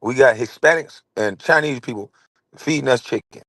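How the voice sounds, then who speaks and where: A man's voice: mid-range voice, moderate pace, fairly bright tone, no echo, low-quality recording. A man in his forties hosting a casual commentary show, talking in a blunt, rambling and heated way. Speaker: show host.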